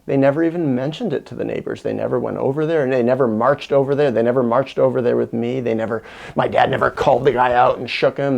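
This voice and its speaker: A middle-aged man recounts a memory from his own life in a gravelly, creaky voice. He tells it with drama, leaning into the loud moments and dropping low for the quiet ones. His pitch sits in the ordinary middle. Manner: animated, dramatic retelling with sudden loud and soft swings. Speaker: channel host. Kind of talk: personal storytelling monologue.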